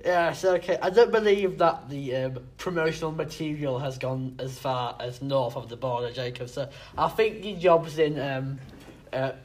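A British man co-hosting a casual political podcast, teasing and halting, with many fillers. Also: on the high side. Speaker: podcast co-host.

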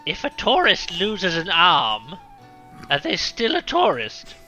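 A man voicing an odd, childlike adventurer in a slow, sing-song manner. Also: sits high, huge pitch swings, sharp tone, soft background music, heavily acted. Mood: eager.

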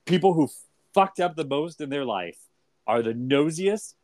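A man's voice: a little high, expressive, a little slow, darkish tone, dry recording. A man co-hosting a podcast, chatting casually with wry, dry humor and making his case. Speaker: podcast co-host. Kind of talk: casual chat.

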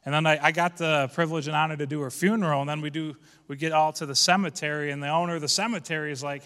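A man's voice: a little high, steady tone, racing, hardly any pauses, pushed and bright, smooth, in a large hall. A man preaching a sermon as pastor, casual and folksy, building to fervent calls to his congregation.

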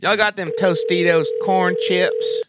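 A man's voice: high-pitched, steady tone, a little slow, heavy background noise. A man hosting a casual chat in a vocal studio, joking and playful. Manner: joking, playful, laughs often.

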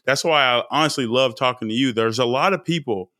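A man's voice: mid-range voice, a little fast, pushed and bright, dry recording, studio quality. A man hosting a casual interview podcast, encouraging his guest and repeating words for emphasis. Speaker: podcast host.

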